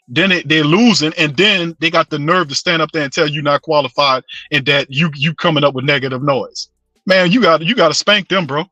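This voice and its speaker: A New man rants about his team with a bright, forceful edge to his slightly high voice. He repeats himself for emphasis and talks straight to his listeners in slang. The sound is close and dry, with no room around it. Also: dry recording. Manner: passionate, repetitive, slangy, addresses listeners as fam and bro. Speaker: sports show host. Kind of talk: fired-up sports fan rant.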